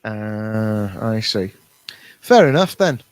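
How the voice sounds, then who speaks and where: A man's voice: on the low side, expressive, slow pace, clear, resonant tone, no echo. A man co-hosting a casual podcast chat, reading out viewer comments in a jokey, self-mocking way.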